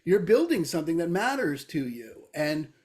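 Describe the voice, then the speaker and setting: A man's voice: on the high side, sing-song, moderate pace, a little mellow. A man co-hosting a podcast, telling a long parable in casual conversation with emphatic, sometimes swearing delivery. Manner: storytelling, tells a parable at length. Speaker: podcast co-host.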